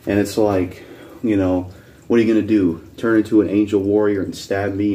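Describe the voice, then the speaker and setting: This channel host reacts to videos with a profane, combative rant, insisting on the same points repeatedly. He has a lowish, warm voice with a flat delivery at a normal speed.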